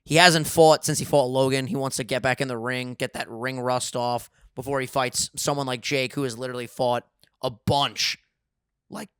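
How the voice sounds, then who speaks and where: Podcast host dude, smooth clean voice, swears a lot, dry close mic. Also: male voice, medium pitch, fairly even intonation, no echo. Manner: loose, profane storytelling with quick jokes. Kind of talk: casual podcast banter. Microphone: studio dynamic microphone.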